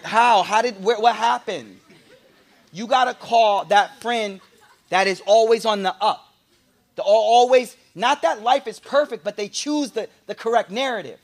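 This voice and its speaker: Speaking a little slowly in a high voice, a man who seems to be in his late twenties or thirties gives a casual motivational talk to an audience. He animates it with funny stories, jokes, and impressions of other people's voices.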